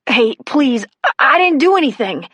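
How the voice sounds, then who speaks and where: A woman's voice: expressive, normal speed, no echo, close to an everyday voice. Whiny, sulky teen boy caught shoplifting, voiced by a woman narrator, dry close sound. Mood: sulky whining. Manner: whiny, higher pleading voice. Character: teenage boy, sulky and pleading.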